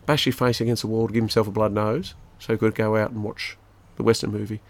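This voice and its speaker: This fast-talking Australian man, middle-aged, has a fairly low voice that barely moves in pitch. Co-hosting a podcast with his son, he chats casually and rambles through stories, laughing as he goes.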